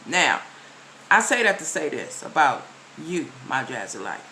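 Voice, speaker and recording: A woman vlogger with a lowish voice that has a forceful, bright edge. She talks straight to her viewers, emphatic and repetitive as she lectures them. A faint hiss sits under her voice. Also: very animated, a little slow, low-quality recording. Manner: emphatic, repeats key phrases, lectures the viewer directly. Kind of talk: casual direct-to-camera commentary.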